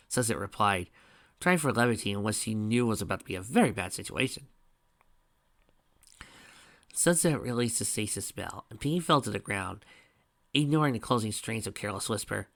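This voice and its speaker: Man, audiobook narrator, animated delivery, bright tone. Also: lowish voice, normal speed, creaky, pauses often. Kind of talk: audiobook reading.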